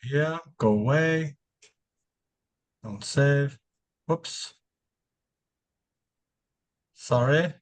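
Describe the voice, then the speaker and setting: A man's voice: medium pitch, drawn-out words, pauses often. A man hosting a webinar over a video call, talking loosely and often repeating his words. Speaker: webinar host. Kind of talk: casual webinar chat.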